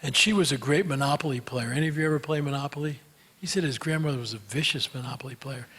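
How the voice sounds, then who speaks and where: A man giving an inspirational talk, telling stories in an animated, folksy way and taking audience questions. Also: medium pitch, fast, husky. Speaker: speaker answering audience questions.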